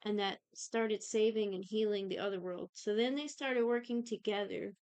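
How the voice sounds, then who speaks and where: In a casual podcast chat, a young female co-host rambles through a TV series recap, cursing freely and briefly acting out what the characters said. She has a clear, resonant, slightly mellow mid-range voice, recorded with no room sound.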